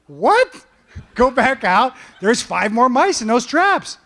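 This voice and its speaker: A man with a noticeably high voice gives a motivational talk from an event stage. He tells stories in an animated way, checking in with the audience with "okay?" and "all right?" as he goes. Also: slow pace. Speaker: football coach giving a keynote talk.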